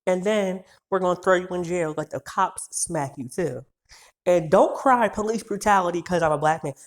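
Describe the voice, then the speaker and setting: A man in his twenties telling a story in a heated, profane rant, so worked up that he trips over his words. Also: high voice. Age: 20s. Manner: heated, profane, rapid-fire insults.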